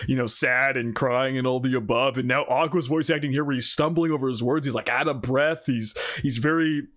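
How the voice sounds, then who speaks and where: A man hosting an anime reaction video, chatting casually in an excitable, rambling way and laughing often. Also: medium pitch, fairly quick.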